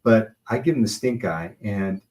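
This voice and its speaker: A man with a fairly low voice speaks as a guest, sharing personal stories in an earnest, motivational way. He grows animated as he tells his anecdotes and lands each one on a lesson. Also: moderate pace, poor audio. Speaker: guest, martial arts instructor and speaker. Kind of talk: motivational storytelling.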